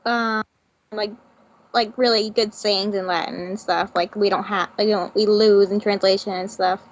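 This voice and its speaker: A woman's voice: mid-range voice, fairly even intonation, moderate pace. A teenage girl chatting casually on a podcast, full of "like" and "um" as she talks. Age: teens. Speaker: student, podcast co-host. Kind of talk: casual chat. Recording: dry, muffled lo-fi recording.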